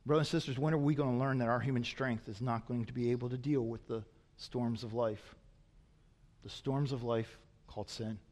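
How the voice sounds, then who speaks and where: A man preaching a sermon as a pastor, swinging from loud emphatic peaks to quiet, low asides. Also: steady tone, fairly quick, long reverb tail.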